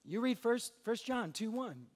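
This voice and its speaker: A man's voice: extremely high pitch, animated, measured pace. A young adult man preaching a sermon to a church crowd in a chatty, joking way, often acting out little bits of dialogue. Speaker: pastor.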